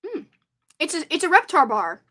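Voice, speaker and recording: Chatty high-voiced young woman streamer. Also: normal speed. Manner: chatty, excitable, reads viewer comments aloud. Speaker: live stream host. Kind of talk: casual live stream chat.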